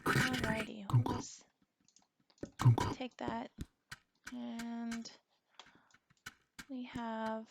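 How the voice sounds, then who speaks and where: A woman's voice: a little high, flat delivery, extremely slow, vocal fry, pauses often, very noisy. A woman giving casual, chatty commentary while she plays a video game, laughing often. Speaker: game streamer. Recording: music playing under the voice.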